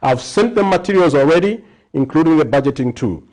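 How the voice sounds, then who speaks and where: A man's voice: fairly high pitch, expressive, a little fast, a little mellow. A man in his fifties from Zambia, a guest economist answering interview questions in an earnest way, with repeated lists and stammered starts.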